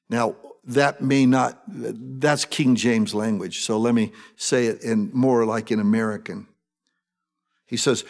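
A male pastor preaching a sermon, animated, often acting out eager voices with sudden jumps in pitch. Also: measured pace.

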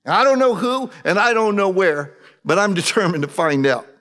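A man's voice: high-pitched, expressive, normal speed, a bit bright, big-room sound. A man preaching a sermon as pastor, telling the story conversationally and acting out the people in it.

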